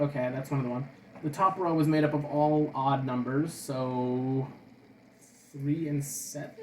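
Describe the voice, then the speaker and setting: A man's voice: fairly high pitch, darkish tone, slight background noise. A young man giving a sarcastic, casual comic review, reading strips aloud and muttering to himself. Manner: sarcastic, reads comics aloud in silly voices, mumbles to himself.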